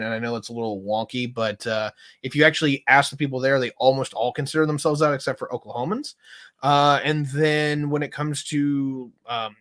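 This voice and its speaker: A mid-pitched man lays out his opinions on a comedy podcast, pushing forcefully through restarts and stumbles. He talks in a confident, lecturing way. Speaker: podcast co-host.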